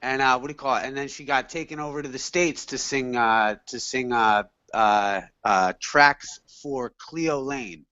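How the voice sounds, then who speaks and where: A man's voice: medium pitch, measured pace, hardly any pauses, sharp tone, clear, resonant tone, dull audio. A man from England in a casual chat, rambling and slangy with lots of fillers. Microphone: video call.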